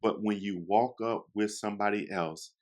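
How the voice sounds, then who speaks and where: A young man with a fairly low voice tells a casual story to his listeners. He is chatty and animated, slipping into quoted lines and talking straight to the people listening. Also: normal speed. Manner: chatty, addresses listeners directly.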